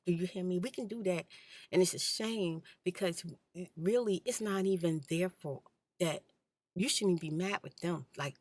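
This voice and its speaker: A woman hosting an ASMR channel, telling her personal story in a soft-spoken, candid, blunt way and sometimes dropping to a whisper. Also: lowish voice, normal speed, dry recording.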